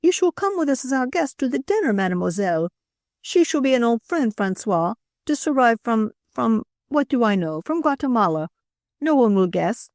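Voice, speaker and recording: A woman doing a coquettish young wife, high and pleading. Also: big pitch swings, normal speed, darkish tone, no room sound, studio quality. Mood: eager. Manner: breathless, imploring, theatrical. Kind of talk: audiobook character voice.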